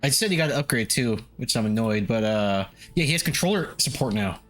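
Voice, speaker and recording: A man's voice: mid-range voice, expressive, fairly quick, fairly bright tone. A man chatting casually on a live stream, loose and profane, often chuckling as he sets up a game at home. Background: faint lo-fi music.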